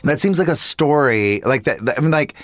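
A man chatting casually and telling animated stories, acting out the people he quotes. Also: mid-range voice, a little fast, no room sound. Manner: animated storyteller, quoting others. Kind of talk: casual storytelling chat.

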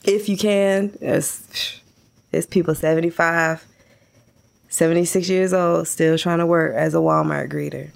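A woman telling stories in casual chat, animated, laughing often and acting out what people said. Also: deep voice, measured pace, vocal fry. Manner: animated storyteller, laughs a lot, acts out quotes.

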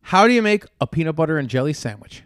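Male comedy podcast co-host, slightly high voice, dry close mic, playful. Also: animated, a bit bright, clear, resonant tone, no room sound. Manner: goofy, jokey, playful drawn-out emphasis. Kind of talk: casual comedic chat.

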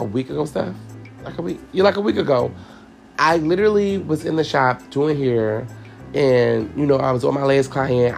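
Candid male podcast host with a raspy, fry-heavy voice, talking casually and profanely to his listeners. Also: mid-range voice. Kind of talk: casual personal storytelling.

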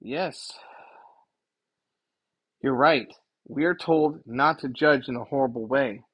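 Husky-voiced man preaching casually. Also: mid-range voice, takes it slowly, a bit bright. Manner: rambling, self-correcting, retells scenes with quoted voices. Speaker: Christian commentator. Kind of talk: informal preaching monologue.

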